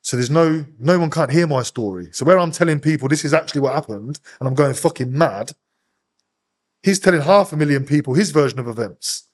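A young man, a podcast guest, bluntly retelling events with heavy swearing and animated energy. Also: on the high side, brisk. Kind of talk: casual interview storytelling.

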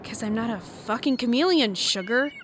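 A woman's voice: on the high side, lively intonation, moderate pace, natural voice. A woman acting in an audio drama, grumpy, blunt and sarcastic. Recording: clear background noise.

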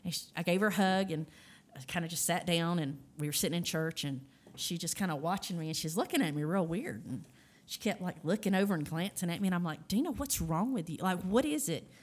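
A woman telling her testimony as a podcast guest, her voice sitting a little low for a woman. She speaks casually and with animation, slipping into the voices of people she quotes. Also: fast talker. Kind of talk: casual storytelling.

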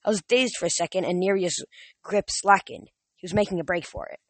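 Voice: mid-range voice, brisk, no room sound. A reader narrating a young adult novel aloud in a casual, unpolished way, often stumbling and restarting words. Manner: casual, with frequent slips and restarts. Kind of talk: audiobook reading.

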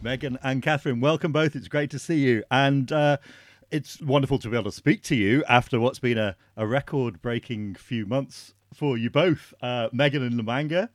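A man's voice: medium pitch, normal speed, dry recording. A Scottish man co-hosting a podcast, talking with eager enthusiasm and frequent restarts. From Scotland. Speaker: podcast co-host. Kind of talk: casual podcast chat.

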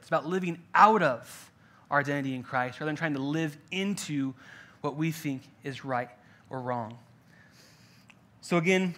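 Preaching to a church crowd in person, this young adult pastor has a somewhat high voice that sounds pushed and bright. He keeps the sermon loose and conversational, joking often and leaning on filler words.

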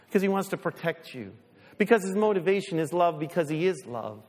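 Male pastor, high-pitched, animated preaching in a church with long reverb. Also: brisk. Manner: animated, acts out little voices, ends in quiet prayer. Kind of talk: sermon. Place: church sanctuary.

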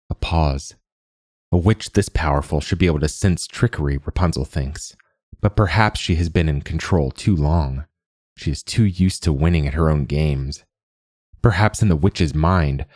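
Man, very deep voice, dry close recording, measured story narration, podcast host. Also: darkish tone, no echo. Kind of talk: scripted narration of a short story.

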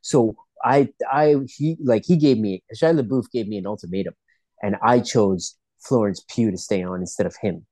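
A man's voice: lowish voice, moderate pace, no room sound. A man telling celebrity gossip in casual chat, rambling and swearing often with many restarts. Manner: profane, rambling, animated storytelling with restarts.

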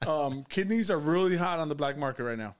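A man's voice: a little high, lively intonation, brisk, smooth. A man co-hosting a podcast, joking around and laughing often as he talks. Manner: laughs often, jokey and self-promoting. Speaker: podcast co-host. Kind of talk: casual chat.

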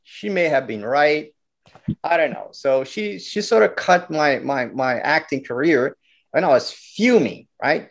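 A middle-aged man from Brazil, telling animated stories as a guest filmmaker and often restarting his words. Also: on the high side, unhurried, vocal fry. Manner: animated, acts out quotes, many restarts. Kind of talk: storytelling interview talk.

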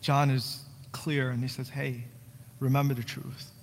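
A young male pastor from New Jersey delivers a sermon in a church sanctuary, relaxed and conversational, slipping in light jokes before growing earnest and pleading. His mid-pitched voice carries a long reverb tail through the hall. He speaks unhurriedly over slight background noise.

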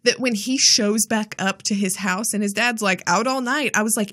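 A woman co-hosts a casual podcast in a mid-range voice. She is animated and quick to laugh, and she acts out quotes as she talks. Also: mid-range voice, slight background noise. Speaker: podcast co-host. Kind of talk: casual chat.

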